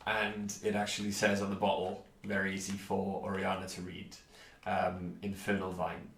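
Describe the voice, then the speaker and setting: A man narrating as game master in a relaxed, hesitant way, with many fillers. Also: low voice, moderate pace, a little hiss or hum. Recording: roomy echo.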